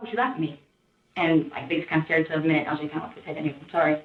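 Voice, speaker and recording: A woman recounting events in a rambling, halting way, often quoting others in a raised voice, heard on distant interview-room audio. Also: deep voice, flat delivery, reverberant, narrow, tinny audio. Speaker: interviewee in police interrogation footage.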